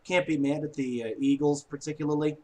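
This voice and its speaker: A high-pitched man rants about his team's loss. He talks slowly and drags his words, then breaks out shouting and swearing between muttered stretches. He sounds upset. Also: over a noisy crowd, heavy background noise. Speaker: sports fan commentator. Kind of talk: ranting fan monologue.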